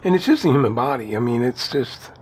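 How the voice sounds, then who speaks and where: A man with a mid-pitched voice chatting loosely on a podcast, rambling and often laughing. There is faint hiss behind him. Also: sing-song, fast talker, a little mellow. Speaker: podcast co-host. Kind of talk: casual conversation.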